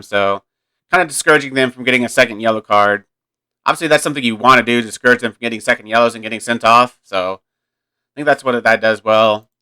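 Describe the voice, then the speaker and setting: Guy casually commentating his football sim game, thinking out loud, crisp clear voice. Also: medium pitch. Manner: relaxed, thinking aloud, self-correcting. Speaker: gaming YouTuber.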